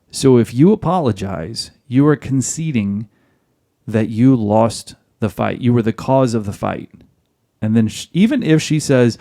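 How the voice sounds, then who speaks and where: A man's voice: mid-range voice, vocal fry, mellow. A man hosting a podcast, giving marriage advice in a direct, lecturing monologue aimed at other men. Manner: direct, lecturing, addresses listeners as guys.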